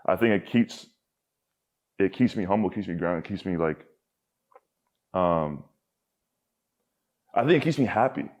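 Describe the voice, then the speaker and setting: Low-voiced young man rambling candidly. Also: animated, a little slow, pauses often, a little mellow, highs cut off. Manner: rambling, heavy filler words and frequent swearing. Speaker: podcast guest. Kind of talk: candid casual conversation.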